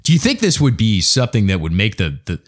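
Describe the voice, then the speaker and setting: A low-voiced American man rants through a solo podcast monologue, his pitch leaping up and down as he builds his points. He talks casually and swears freely, swinging between sarcasm and emphasis. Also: wildly swooping pitch, quick pace. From United States. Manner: ranting, profane, conversational. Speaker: podcast host. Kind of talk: opinion monologue.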